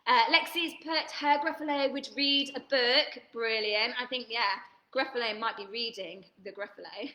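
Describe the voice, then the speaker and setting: A woman's voice: a little high, normal speed, bright, forceful tone, roomy sound. A woman leading an online drama workshop for children, cheerful and reading out viewers' comments, laughing and gasping often.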